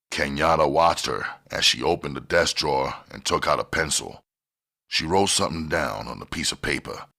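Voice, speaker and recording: Very deep, gravelly male audiobook narrator. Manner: steady, plain reading with gritty dialogue. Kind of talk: scripted narration.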